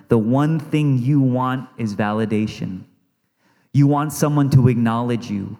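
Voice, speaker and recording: Brief: male pastor, mid-pitched voice, earnest sermon delivery with repeated phrases, long church reverb. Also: measured pace. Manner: earnest, repeats phrases for emphasis, drops softly for quoted words. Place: church sanctuary.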